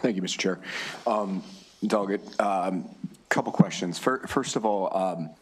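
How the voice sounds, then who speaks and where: A man from Baltimore County, a legislator, asking halting questions at a committee hearing, full of ums and restarts. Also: sits low, husky, low-quality recording. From Baltimore County, Maryland. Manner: halting, many fillers and restarts.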